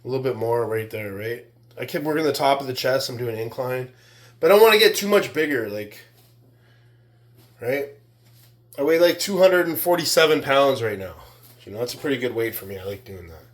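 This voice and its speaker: A man's voice: mid-range voice, lively intonation, fairly quick, reverberant. A man in a casual vlog rant, boastful and taunting, who keeps tagging his sentences with "right?" and "man". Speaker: weightlifting vlogger.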